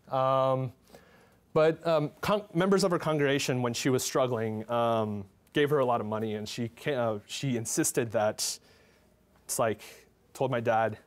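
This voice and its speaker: A young man presenting his photographs in a talk, speaking in a halting, heartfelt way with many restarts and fillers. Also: mid-range voice. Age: young adult.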